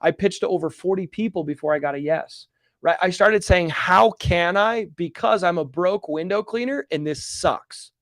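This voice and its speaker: A man's voice: sits high, moderate pace, dry recording. Earnest man giving a motivational talk. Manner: earnest, emphatic, repeats phrases for effect. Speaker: real estate coach hosting a live Q&A. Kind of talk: motivational live-stream talk.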